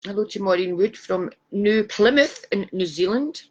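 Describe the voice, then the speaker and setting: A middle-aged woman with a Glasgow Scottish accent, her pitch sitting in an ordinary middle range. She talks casually on a live stream, chatty and self-deprecating, greeting viewers one after another. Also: animated, normal speed, a little mellow, muffled recording. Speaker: psychic and live stream host.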